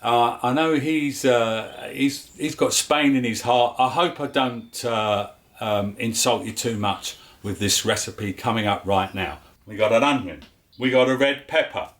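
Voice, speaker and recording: A man's voice: mid-range voice, unhurried. Chatty London man hosting a home cooking vlog. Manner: chatty and jokey, with filler words. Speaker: cooking show host.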